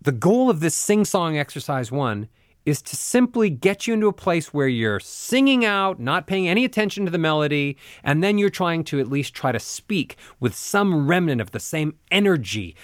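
A man coaching voice exercises, talking the listener through each drill and then demonstrating it. His voice sits a bit higher than most men's. The recording is close and dry, with no room sound. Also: sing-song, normal speed, dry recording. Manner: demonstrative, sings and mimics examples. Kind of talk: instructional narration.

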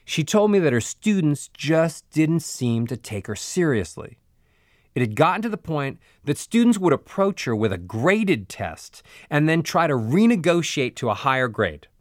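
A man's voice: mid-range voice, no room sound, clean studio sound. A man teaching a voice lesson, explaining and demonstrating mouth positions and vowel sounds aloud. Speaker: voice coach. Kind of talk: instructional voice lesson.

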